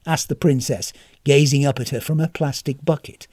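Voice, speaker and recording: Storybook narrator, wry, expressive, husky, dry recording. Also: mid-range voice, moderate pace, no echo.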